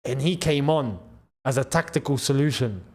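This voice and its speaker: A young man hosting a live football watchalong, reacting to the match and shouting at big moments. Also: medium pitch, normal speed. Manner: excitable, shouts at big chances and goals. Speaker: football channel host.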